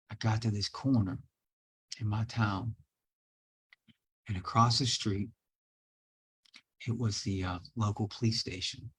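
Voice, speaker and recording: Man, low husky voice, heartfelt testimony with repeats and restarts; interview guest recounting his own story. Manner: emotional, repeats phrases, many restarts.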